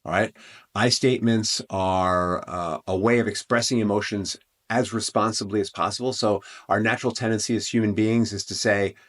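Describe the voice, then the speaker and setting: A man's voice: fairly low pitch, fairly even intonation, normal speed, a bit bright. A man hosting a relationship advice podcast, talking in an earnest, conversational way with frequent restarts and asides. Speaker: podcast host.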